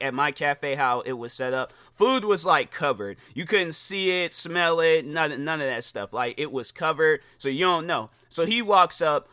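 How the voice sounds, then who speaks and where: A young man hosts a podcast and tells a story as a lively, casual rant, laughing often and acting out the people in it. His voice sits a bit high, bright and forceful, with a smooth, crisp tone. The recording is dry and close. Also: dry recording. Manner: animated, acts out quoted voices, laughs often. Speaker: podcast host.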